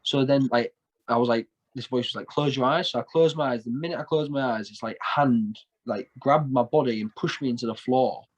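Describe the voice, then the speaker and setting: A man's voice: mid-range voice, fairly quick, low-quality recording. A man in his twenties with a North East English accent, telling his story in a casual interview, rambling with lots of fillers and repeated words. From north east England. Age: 20s. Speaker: guest, shamanic practitioner.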